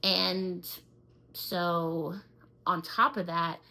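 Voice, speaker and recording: A woman's voice: on the low side, little pitch movement, extremely slow, bright, forceful tone, rough recording. A young woman co-hosting a podcast, telling a personal story casually and animatedly, with many filler words. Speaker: podcast co-host.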